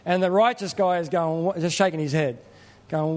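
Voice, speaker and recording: A man's voice: fairly high pitch, normal speed, big-room sound. A middle-aged man preaching a sermon in a plain-spoken, earnest, conversational way. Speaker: pastor.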